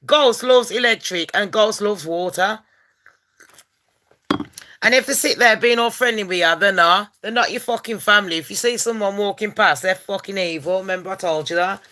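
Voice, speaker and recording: A woman hosts a casual gossip vlog, talking in a brash, profane, rowdy way that bursts into loud rants. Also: mid-range voice, moderate pace. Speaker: channel host.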